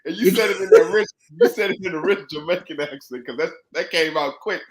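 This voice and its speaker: A man's voice: on the high side, fairly quick. A man in a casual chat who speaks emphatically, often repeating his phrases and agreeing. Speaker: co-host who works with the company.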